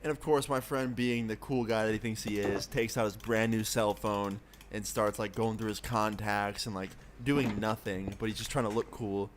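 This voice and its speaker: A young adult man streamer telling a story in a casual, profane, animated way, with a noisy background of keyboard clicks. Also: lowish voice, normal speed, hardly any pauses.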